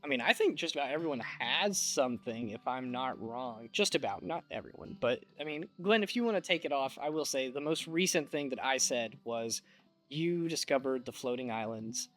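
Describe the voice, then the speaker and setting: A man narrating as game master of a tabletop game, relaxed and rambling. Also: medium pitch, normal speed, faint music behind.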